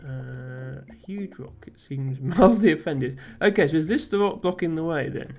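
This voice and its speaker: A woman's voice: low-pitched, normal speed, vocal fry, a little mellow, faint music behind. A woman streamer playing a game live, chatting casually, laughing often and reading game text aloud.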